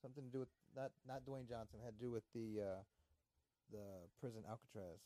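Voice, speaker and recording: A man's voice: medium pitch, brisk, mellow, no room sound. A man hosting a casual movie watch-along chat, rambling, teasing and swearing.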